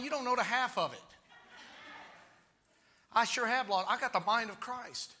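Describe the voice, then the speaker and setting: A man preaching with exuberant shouting and calling out to his congregation. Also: very high voice, normal speed, a little hiss or hum. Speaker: pastor. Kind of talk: sermon.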